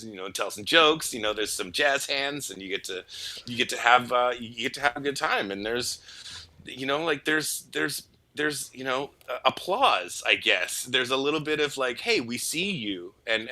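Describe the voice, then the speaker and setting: A man from Canada, a voice actor guest, telling stories in a casual interview, playful and quick to slip into voices. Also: fairly low pitch. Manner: animated, playful, breaks into voices.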